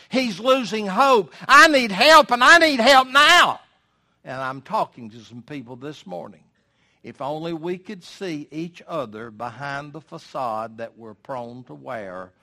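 A male preacher with a high, bright, forceful voice. He delivers his sermon emphatically, firing off rhetorical questions. He reads scripture aloud and unpacks it line by line.

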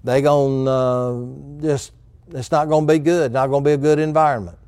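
A man's voice: medium pitch, steady tone, moderate pace, a little mellow, no echo. A man preaching a sermon as pastor, folksy and direct with the congregation.

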